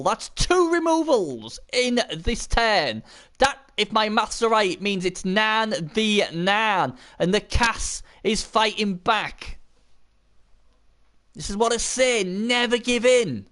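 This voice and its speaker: Excitable man commentating a game. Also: sits high, a little slow. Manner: excitable, bursts into shouting at big plays; chatty, casual, swears. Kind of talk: live esports commentary.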